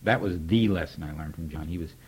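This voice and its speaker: A man's voice: low-pitched, quick pace, a little mellow, a little hiss or hum. An older man, a poet, candidly recalling a mentor in wry spoken stories, acting out old conversations. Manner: candid, wry storyteller who acts out remembered dialogue. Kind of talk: reflective spoken reminiscence.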